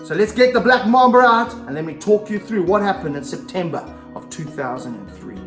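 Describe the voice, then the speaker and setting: Man, middle-aged, high voice, out of breath, roomy echo, a bit distant from the mic. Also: a little fast, soft background music. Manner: energetic, breathless, coaxing the snake between explanations. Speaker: snake handler and vlog host. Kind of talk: casual talk to camera while handling a snake. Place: echoey room with slippery floors, indoors.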